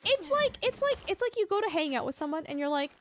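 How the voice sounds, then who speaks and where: Woman streamer, high voice, very lively pitch, animated rambling chat, frequent laughs. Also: fast talker, a little hiss or hum. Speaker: Twitch streamer. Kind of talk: casual chat while gaming.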